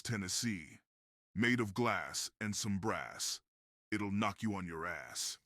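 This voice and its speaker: Slow, low man singing a rhyming jingle. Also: a bit bright, dry recording, clean studio sound. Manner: sing-song rhyming delivery. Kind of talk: sung novelty jingle.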